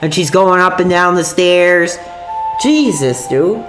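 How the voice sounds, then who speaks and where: This woman's voice sits on the low side, with lively intonation and a slow pace. She's a streamer who is sick with a sore voice, delivering an angry, profane, rambling rant to her chat from an echoey room where faint music plays.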